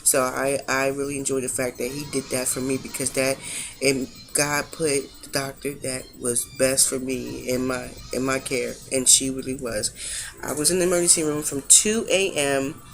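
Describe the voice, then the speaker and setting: A woman's voice: rumbling low, steady tone, normal speed, vocal fry, soft background music. A young woman chatting to camera about a long emergency room visit, tired from sleeping all day, retelling events and acting out what people said, with features. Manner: chatty, recounting events with reenacted quotes; emotional, fighting back tears at times. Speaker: vlogger. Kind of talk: casual storytelling vlog.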